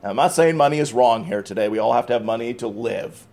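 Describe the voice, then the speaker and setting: A man's voice: mid-range voice, fast, darkish tone. A man preaching a sermon, emphatic and repeating key phrases, with conversational asides between scripture readings. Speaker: pastor.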